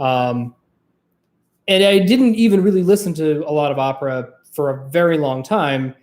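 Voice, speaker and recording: A vlog host and trained former opera singer, chatting casually to camera in a rambling, profane, lively way. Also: mid-range voice, unhurried, echoey room.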